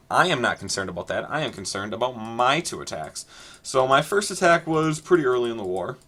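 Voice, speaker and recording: A man's voice: on the low side, a bit bright. A man casually telling a long, rambling story and talking over his gameplay, with many fillers and restarts. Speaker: gaming video creator.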